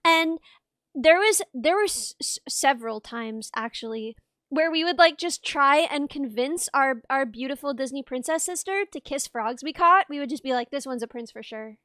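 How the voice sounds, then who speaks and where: A young woman streamer chatting casually and telling animated stories, laughing through them. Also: high voice, normal speed, no echo, clean studio sound. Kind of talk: casual chat, storytelling.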